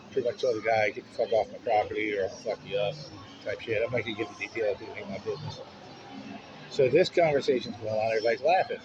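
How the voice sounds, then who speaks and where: Man, casual storyteller, frank, swears a lot, muffled lo-fi audio, loud city noise behind. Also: fairly low pitch. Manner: frank, profanity-laced. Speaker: vlogger. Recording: muffled, noisy street sound.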